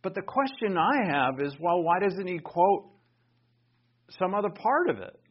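A man teaching a Bible lesson in sermon style, conversational and animated, raising his voice for emphasis. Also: high-pitched, measured pace, breathy edge. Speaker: pastor teaching. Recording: dull lo-fi recording.

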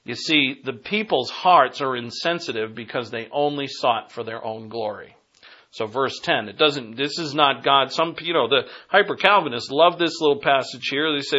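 A man's voice: mid-range voice, normal speed, sharp tone, lo-fi sound. A man with a Boston accent preaching a Bible lesson, emphatic and digressive, rising to punch key phrases. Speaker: Bible teacher. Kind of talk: sermon.

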